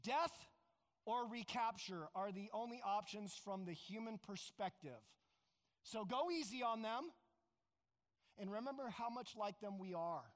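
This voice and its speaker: Male pastor, very high voice, animated sermon with shouted quoted lines, long hall reverb. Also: a little slow.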